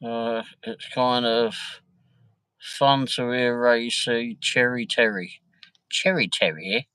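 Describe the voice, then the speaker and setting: A man's voice: mid-range voice, level tone, slow pace, a bit bright, clean tone, no room sound, rough recording. A man hosting a casual livestream from home, chatting and joking as he answers viewer comments. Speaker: livestream host. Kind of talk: casual live-stream chat.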